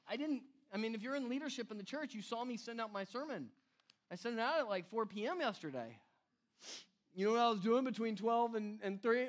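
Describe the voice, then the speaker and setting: A man's voice: high-pitched, a bit bright. A man preaching a casual sermon to his church, chatty and self-deprecating, often laughing at himself. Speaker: pastor.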